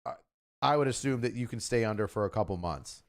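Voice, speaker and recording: A man hosting a stream, chatting casually about the news and growing loud and animated as he rants, with plenty of swearing. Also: fairly low pitch, quick pace. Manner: profane, animated when ranting, acts out quoted voices. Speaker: stream host. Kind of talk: casual talk commentary.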